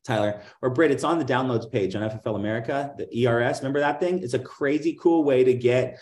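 A middle-aged man talks through sales stories at a comfortable middle pitch. He keeps saying "like" and "right?" and jumps into other people's voices as he tells them. It sounds loose and conversational, like someone talking off the cuff. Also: fast talker, hardly any pauses, echoey room. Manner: animated, acts out dialogue in other voices; many fillers like "like" and "right?". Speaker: guest, insurance agency owner. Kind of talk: casual interview, storytelling.

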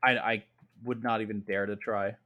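A man's voice: on the low side, flat delivery, moderate pace, narrow, tinny audio. A man co-hosting a casual podcast chat, enthusiastic and often correcting himself mid-sentence. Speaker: podcast co-host.

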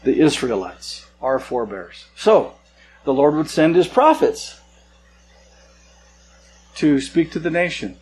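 A male pastor giving a sermon in a relaxed, conversational way, with casual asides, slowing down to stress key words. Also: fairly high pitch, slight background noise, poor audio.

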